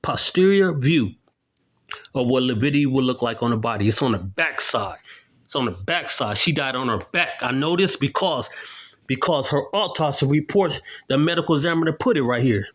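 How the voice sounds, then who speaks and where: A man's voice: mid-range voice, animated, normal speed. A middle-aged man giving emphatic, accusatory commentary to camera, walking through documents and often asking "okay?". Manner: indignant, accusatory, keeps tagging "okay?"; explains while showing documents to the camera. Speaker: independent video commentator.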